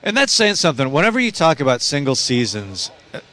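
A man's voice: on the high side, very animated, fast, pushed and bright. Easygoing man talking baseball. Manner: easygoing, laughs readily. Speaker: sports radio analyst. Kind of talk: casual sports chat.

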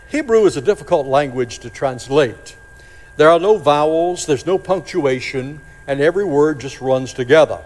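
A man preaching a sermon, dramatic, slowing and dropping to a hush on key phrases. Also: a little high. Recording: long hall reverb.

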